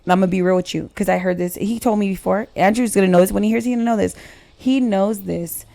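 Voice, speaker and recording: A woman's voice: mid-range voice, fairly even intonation, quick pace, vocal fry, mellow, no echo. A woman in her forties, a podcast guest, telling a personal story in blunt, emotional, heavily sworn casual chat.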